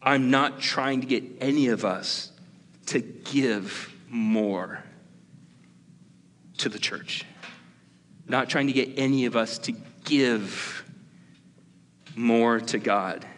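A male pastor preaching in a chatty, self-interrupting way, slow and drawn out. His voice sits at a middle pitch and carries a long hall reverb. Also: slight background noise. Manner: conversational, self-interrupting, lively. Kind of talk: sermon.

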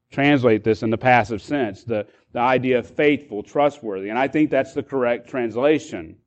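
Guy preaching a verse-by-verse sermon, restarts a lot, bit muffled sound. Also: mid-range voice. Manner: expository preaching with repeated restarts. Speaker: pastor.

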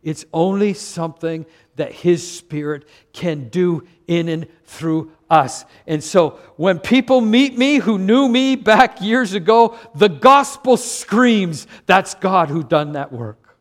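A man's voice: sits high, lively intonation, takes it slowly, hardly any pauses. An older man from Canada, a pastor preaching a sermon with earnest emphasis and frequent stammered restarts.

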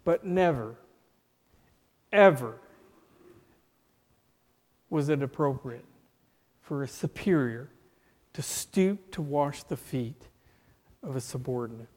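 Male preacher, sermon, unhurried and deliberate, with rhetorical questions; slightly high voice, long hall reverb. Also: animated, mellow.

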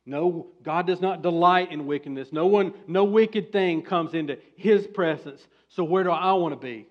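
A man preaches a sermon as pastor, his voice sitting high for a man. He moves between quiet explanation and loud, emphatic bursts. The recording sounds dull and lo-fi. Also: moderate pace.

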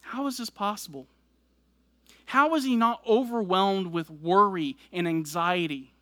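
A man's voice: high voice, unhurried, pushed and bright, no echo. A man preaching a sermon, explaining scripture verse by verse and building emphasis as he goes. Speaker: pastor.

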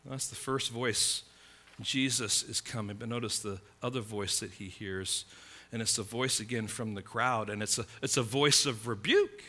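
Preaching with dramatic flair, a man questions his congregation and shifts from loud outcries to quiet, low stretches, at a slightly slow pace.

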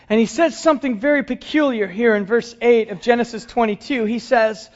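A male pastor preaching a sermon with dramatic storytelling, often dropping to hushed tones. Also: extremely high pitch, brisk, few pauses. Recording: dull lo-fi sound.

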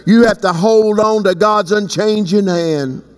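A man preaching a sermon as pastor, swinging between slow emphatic stretches and sudden high leaps. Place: church sanctuary. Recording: long hall reverb.

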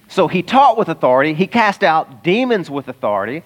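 A pastor preaching a sermon in a conversational, emphatic way, sometimes laughing mid-sentence. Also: male voice, a little high, very animated, a little fast.

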